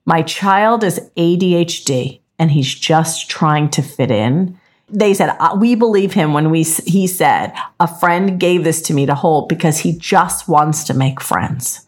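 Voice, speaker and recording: A middle-aged woman with a New Jersey accent, co-hosting a casual podcast chat and telling blunt, animated stories about her kids. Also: deep voice, unhurried. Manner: blunt, animated storyteller who acts out quotes. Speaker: podcast co-host.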